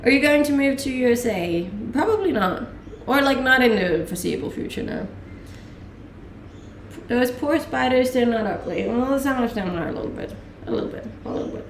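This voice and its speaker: A woman's voice: high voice, animated, normal speed, slight background noise. A young woman from Denmark chatting casually on a live stream, answering viewer questions in an easygoing way with frequent laughs and lots of fillers. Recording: echoey room, mic a little distant.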